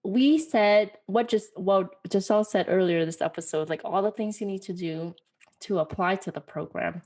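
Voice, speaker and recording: A woman's voice: mid-range voice, moderate pace, darkish tone. A woman co-hosting a casual podcast, talking in an encouraging way with small fillers. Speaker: podcast co-host, sonography student.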